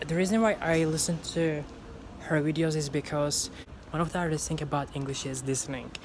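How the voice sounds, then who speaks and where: A woman's voice: deep voice, steady tone, a little fast, noisy background. A woman talking casually in a vlog as an English learner, leaning on fillers and restarts and repeating lines aloud to practice.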